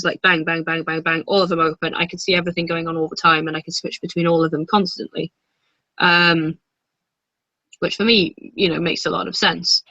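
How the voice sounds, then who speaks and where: A woman chatting casually as a guest, rambling with many pauses and fillers. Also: fairly low pitch, bright, forceful tone, no echo, lo-fi sound. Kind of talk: casual chat.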